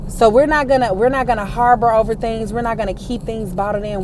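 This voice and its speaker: A woman's voice: on the high side, fairly even intonation, a little fast, few pauses, noisy background. A woman hosting a motivational faith talk for her viewers and listeners, speaking emphatically and repeating phrases to rally them. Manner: emphatic, repetitive, rallying the audience. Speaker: host addressing viewers and listeners.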